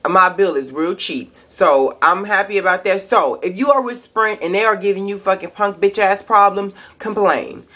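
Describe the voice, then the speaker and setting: A woman's voice: medium pitch, bright, forceful tone. A young woman, ranting angrily and profanely in a casual webcam vlog. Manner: angry, profane, emphatic ranting. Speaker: vlogger.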